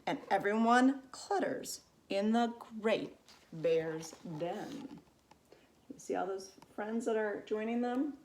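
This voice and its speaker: A woman teacher reading a picture book aloud to young children, expressive and asking them questions along the way. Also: mid-range voice, slow, slight background noise. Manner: lively, expressive, asks listeners questions.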